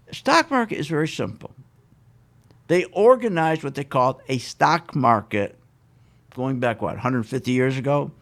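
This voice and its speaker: A man hosting a live radio show about investing, ranting with emphatic repetition and a sarcastic, mocking edge. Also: on the high side.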